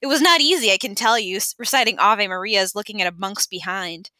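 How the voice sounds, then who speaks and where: A woman's voice: medium pitch, brisk, sharp tone, dry recording, close to an everyday voice. A woman voicing a mischievous ten-year-old girl who teases and chatters eagerly. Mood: teasing.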